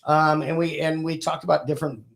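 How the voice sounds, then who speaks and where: A man co-hosting a casual podcast with his wife, relaxed and joking, with frequent fillers. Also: on the high side, a little fast, creaky. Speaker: podcast co-host. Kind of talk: casual chat.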